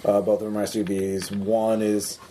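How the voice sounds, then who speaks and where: A man narrating a tabletop game as game master, halting with many ums. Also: fairly low pitch, completely flat delivery, noisy background. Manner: hesitant, many fillers.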